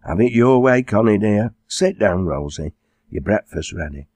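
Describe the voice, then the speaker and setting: A man's voice: lowish voice, animated, moderate pace, a little mellow, no echo, clean studio sound, pitched above the performer's own voice, natural voice. A man doing a kindly middle-aged farm mum. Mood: motherly. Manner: kindly, fussing. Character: warm motherly farmer's wife, middle-aged.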